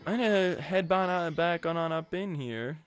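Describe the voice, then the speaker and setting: A man's voice: on the high side, normal speed. A man giving casual, jokey gameplay commentary as a let's play host, rambling with crude asides.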